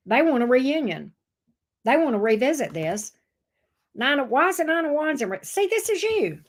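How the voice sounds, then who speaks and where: A woman giving a casual tarot reading, blunt and sassy, swearing freely. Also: sits high. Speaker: tarot reader.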